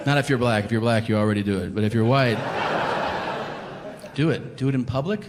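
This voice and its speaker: A stand-up comedian performs briskly, animatedly acting out characters in loud, high voices. The recording has heavy background noise, long hall reverb and faint ambience.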